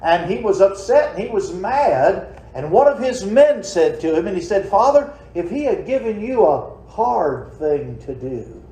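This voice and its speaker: A man preaching in a church sanctuary, folksy and conversational, throwing rhetorical questions at his congregation. His voice sits a little high but sounds mellow and warm. The room rings around him with a roomy echo. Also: big pitch swings, measured pace, hardly any pauses. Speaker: pastor. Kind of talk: sermon.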